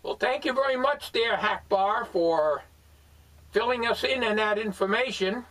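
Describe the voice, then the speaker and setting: A man hosting a homemade comedy skit. He speaks politely in a fairly high voice, stalling with ums and uhs. He sits back from the mic. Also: a little slow, a bit bright. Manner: hesitant, polite, many fillers. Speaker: host. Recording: voice far from the mic.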